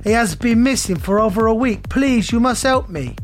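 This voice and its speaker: Brief: man doing a pleading, desperate father, high and strained, urgent. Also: lively intonation, normal speed, soft background music. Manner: frantic, begging.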